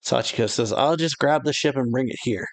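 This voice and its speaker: A man casually reading a manga chapter aloud and retelling its dialogue, with lots of "yeah" and "uh" and quick exclamations. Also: mid-range voice. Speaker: anime reaction channel host. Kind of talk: casual manga read-along with reactions.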